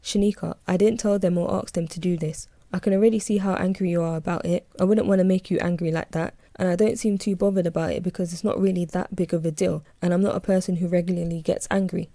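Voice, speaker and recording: A woman reading aloud as a calm, reassuring male office boss, speaking in a measured, patient way. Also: high voice, no room sound.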